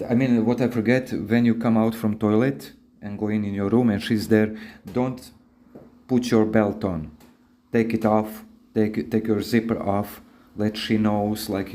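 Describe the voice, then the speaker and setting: A man's voice: on the low side, dark tone. A man hosting a podcast, giving advice in a rambling, casual, instructive monologue with frequent restarts. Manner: rambling, repeats words and restarts often.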